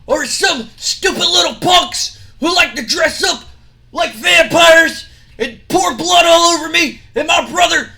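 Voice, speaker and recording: A man putting on a brash, boastful male wrestler who trash-talks in drawn-out shouts. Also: very high voice, gravelly, voice pushed up, heavily acted.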